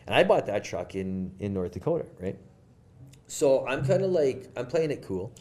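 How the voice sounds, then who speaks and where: This podcast guest, a young Canadian man, speaks at a medium pitch and moderate pace while recounting a story in relaxed fashion. His telling is lively, heavy on fillers, and full of performed quotes.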